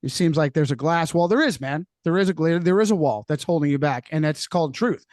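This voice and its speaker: Emphatic high-voiced podcast guest man. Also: lively intonation, brisk, a little mellow, slight background noise. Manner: emphatic, repeats points, adds "okay?". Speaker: guest author. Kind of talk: casual podcast chat.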